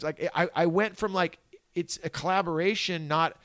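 A man's voice: a little high, normal speed, no room sound, studio quality. A middle-aged man from Northern California telling stories in a casual conversation, swearing freely and acting out what people said. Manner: animated, profane, acts out quoted dialogue. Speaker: guest.

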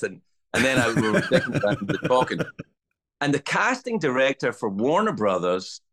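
Guesting on a podcast, this middle-aged comedian from Scotland spins stories at a moderate pace in a medium-pitched voice. His telling is lively and sweary, full of voices he acts out.

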